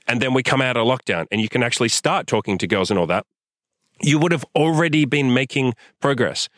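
A man's voice: medium pitch, dry recording, clean studio sound. A young man hosting a show, giving a blunt, profanity-laced motivational rant to a listener, filmed outdoors in the sun. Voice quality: swears a lot, forceful and direct. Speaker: host. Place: outdoors in sunlight.

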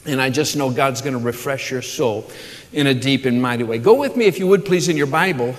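A man preaching a sermon to a church congregation, enthusiastic and fond of restarting his phrases with "uh," and warmly addressing people in the room and those watching online. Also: a little high. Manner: enthusiastic, repeats words and restarts with frequent uh; warm asides to the congregation and online viewers. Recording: long hall reverb.

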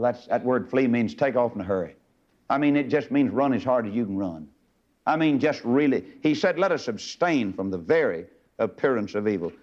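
Lively old-time preacher man, lo-fi tape. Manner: swings from booming to low and confiding, folksy asides. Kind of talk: fiery sermon.

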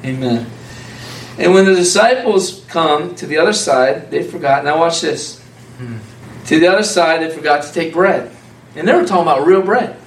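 A man preaching an informal, conversational sermon, animated and laughing often as a small group answers him. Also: on the high side, normal speed, a little hiss or hum. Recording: echoey room from far off.

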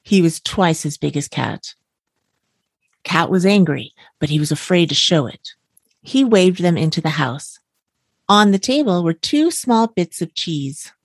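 A husky, somewhat low-voiced woman reads a bedtime story a little slowly, keeping her delivery calm and even. The recording is dry, made close to the microphone in a space without any room sound.

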